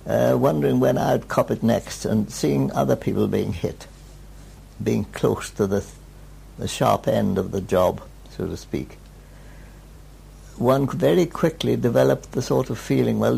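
An older man with a gravelly voice, slowly recalling memories in an interview. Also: medium pitch, dark tone. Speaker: war veteran interviewee. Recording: dull lo-fi archive recording.

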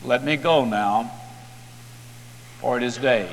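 A man voicing a mysterious, solemn divine stranger who speaks in slow, declaiming lines. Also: medium pitch, in a large hall, slight background noise, pitched below the performer's own voice, rough recording.

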